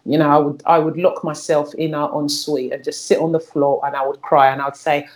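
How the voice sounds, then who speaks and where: A middle-aged woman with a notably low voice talks candidly as a guest. She is frank and earthy, often doubling back on her words, and she keeps a plain conversational tone. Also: flat delivery, brisk, darkish tone. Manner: frank and earthy, repeats words while searching for them.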